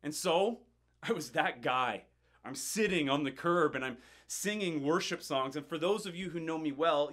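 Pastor telling a story, higher voice. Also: male voice. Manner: animated, building tension, frequent word repeats. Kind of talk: sermon storytelling.

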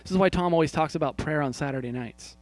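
Preaching man, hushed then forceful. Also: on the high side, quick pace, no echo. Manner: swings from quiet, hushed prayer lines to loud emphatic points; asks the congregation questions and speaks to people by name. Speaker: pastor. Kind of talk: sermon.

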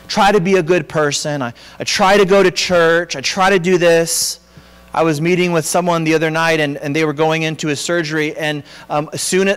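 A pastor with a high voice preaches an earnest sermon, sometimes restarting his sentences and filling pauses. His voice rings out in a church sanctuary with a long reverb tail. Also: fairly bright tone, smooth.

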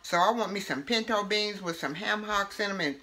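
A woman's voice: mid-range voice, sharp tone. A woman from Alabama with a Southern accent, hosting a homey, chatty cooking demonstration. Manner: homey, chatty, drawn-out words. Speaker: cooking show host.

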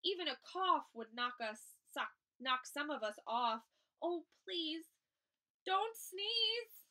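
A woman's voice: sits high, expressive, slow, bright, forceful tone, distant mic, heavily acted. A woman reading as anxious tree monkeys. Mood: pleading. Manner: pleading, rhyming.

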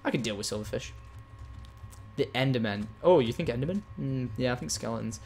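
A man giving excitable live gameplay commentary as a game streamer, chatting with and thanking his viewers. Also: fairly high pitch, fairly quick, soft background music.

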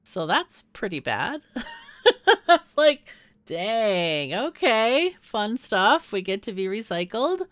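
A woman's voice: medium pitch, sing-song, takes it slowly, a bit bright, no room sound. A woman commenting on her gameplay as a let's play host, thinking aloud and often laughing. Her voice moves animatedly up and down. The sound is close and dry.

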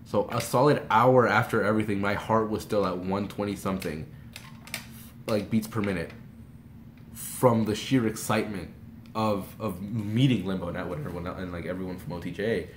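A young man telling a storytime vlog in a rambling, excitable way, jumping into loud shrieks as he acts out what he said. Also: fairly low pitch, normal speed. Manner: breathless, swings into loud shrieks when reenacting. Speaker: vlogger. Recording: echoey room with faint noise.

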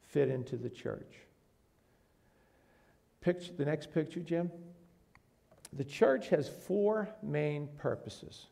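Gravelly-voiced man preaching a sermon. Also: on the high side, warm tone. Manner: earnest, rises to emphatic bursts, asks the room questions. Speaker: pastor. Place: church sanctuary with congregation.

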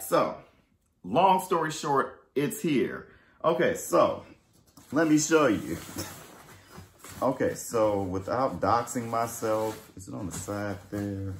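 A deep-voiced man with a gravelly edge tells a casual unboxing story for his vlog. His pitch bounces all over, jumping from loud exclamations to muttered asides. He was recorded in an echoey room with a little background noise. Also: expressive, takes it slowly. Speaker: fashion haul vlogger.

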